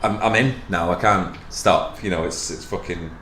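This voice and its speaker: A man's voice: low-pitched, normal speed, a bit bright, a little hiss or hum. A man with a broad Manchester accent, a stand-up comedian chatting as a podcast guest, swearing freely and laughing often. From Manchester, England. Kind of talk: casual podcast chat. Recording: roomy echo, faint ambience.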